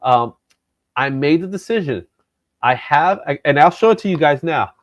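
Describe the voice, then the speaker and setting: A man's voice: on the high side, lively intonation, normal speed, dry recording, highs cut off. A man hosting a comic book show in a loose, joking chat, with easy laughs. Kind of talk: casual chat.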